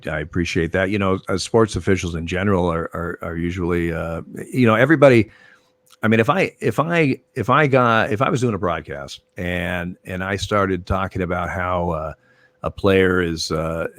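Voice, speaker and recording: An older man, a former umpire, telling stories in a casual interview, rambling with many fillers and restarts. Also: deep voice. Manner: rambling, many fillers and restarts, animated when retelling arguments. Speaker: former baseball umpire, guest.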